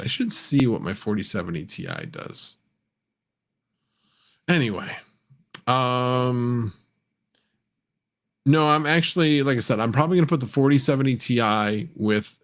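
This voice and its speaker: A man with a somewhat low voice hosts a casual livestream. He rambles, restarts his sentences and chuckles often as he answers viewers' messages. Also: a bit bright. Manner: rambling, self-correcting, chuckles often, reads chat aloud. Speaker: livestream host.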